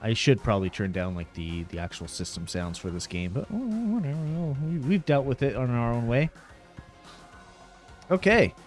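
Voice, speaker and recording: Soft music plays in the background as this game streamer recaps and rambles into his headset, laughing frequently in casual commentary. He speaks at a moderate pace in a very animated, medium-pitched voice.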